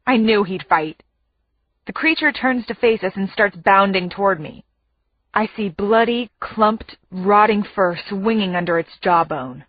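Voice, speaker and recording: A woman's voice: mid-range voice, unhurried, no room sound, lo-fi sound. A woman narrating a first-person audiobook in a vivid, dramatic way.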